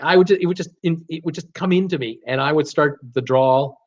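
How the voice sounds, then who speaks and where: A Canadian man with a slight accent and a fairly high voice hosts a cruise channel live stream from a home computer room, reading chat messages aloud. He talks fairly quickly and chattily, laughing often, with lots of fillers and restarts. The sound is lo-fi.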